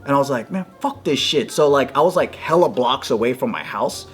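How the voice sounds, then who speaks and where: A man telling a story in casual chat, animated, swearing freely and acting out quotes in a raised voice. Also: brisk, soft background music. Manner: animated, swears a lot, acts out quotes in a higher voice. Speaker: podcast guest.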